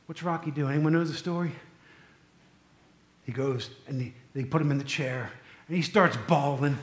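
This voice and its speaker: A man's voice: fairly high pitch, normal speed, roomy sound. A man preaching a sermon, telling stories in a loose, conversational way with asides to the congregation. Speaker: pastor.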